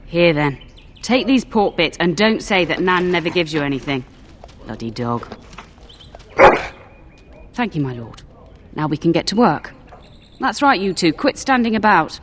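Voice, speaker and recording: A woman voicing a cranky older castle cook in a fan dub, scolding and sharp-tongued. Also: fairly low pitch, big pitch swings, measured pace, long pauses. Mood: grumbling. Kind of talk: fan voice acting over a game.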